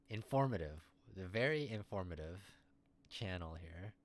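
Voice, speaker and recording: A man's voice: low voice, moderate pace, pauses often. A man streamer rambling and joking through casual running commentary at his computer. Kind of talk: casual live-stream chat.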